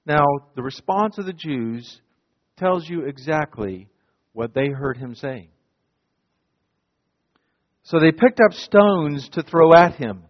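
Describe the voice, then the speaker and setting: A man preaching a sermon as a pastor, dramatic and emphatic, swinging from loud declarations to hushed lines. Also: a little high, lively intonation, slow, long pauses. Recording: dull long-reverb hall sound.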